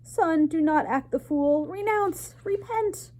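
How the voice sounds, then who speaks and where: A woman voicing a fussy, excitable French mother mouse in a storybook reading, with a shrill, exclaiming manner. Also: slow pace, heavily acted. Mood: frantic.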